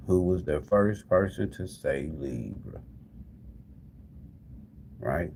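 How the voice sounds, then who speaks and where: A man's voice: very deep voice, lively intonation, takes it slowly, gravelly, pauses often, a little mellow, slight background noise. A man hosting a tarot live stream, chatting casually with viewers and repeating the same calls to them over and over. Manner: talks straight to the viewers as "y'all". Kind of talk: casual live-stream chat, giving away prizes.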